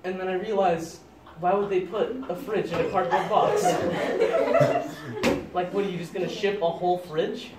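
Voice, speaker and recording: A young man improvising an absurd story out loud, deadpan and halting, often cracking up at his own lines. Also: sits high. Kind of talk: rambling improvised comic story. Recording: echoey room, distant mic, loud noise.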